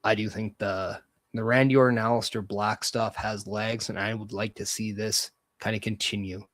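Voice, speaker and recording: A man's voice: lowish voice, normal speed, dry recording. A man hosting a solo podcast, talking casually and with energy, giving strong opinions as he goes. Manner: energetic, opinionated, loose fantasy-booking talk. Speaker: podcast host.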